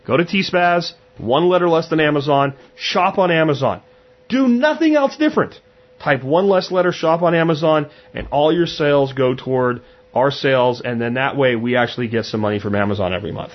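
On a muffled recording, a man hosting a podcast talks a little fast at medium pitch in a casual monologue. His delivery is blunt and chatty, and he performs his own quotes as he tells them.

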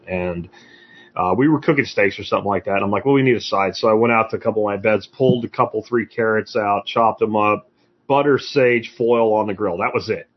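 A man hosting a podcast, chatting casually and telling an animated anecdote. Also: fairly low pitch, breathy edge, muffled recording. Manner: animated, tells anecdotes with acted-out dialogue. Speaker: podcast host. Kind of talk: casual conversational storytelling.

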